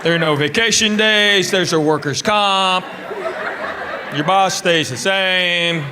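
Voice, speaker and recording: On a live comedy stage, a Tennessee man does stand-up and crowd work, teasing the audience with dry, mock-insulting jabs. His voice is high and his pace slow. Loud background noise fills the recording.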